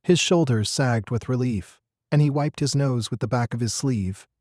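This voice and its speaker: A man narrating a scripted story in a steady, earnest manner. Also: medium pitch, normal speed, no room sound, clean studio sound.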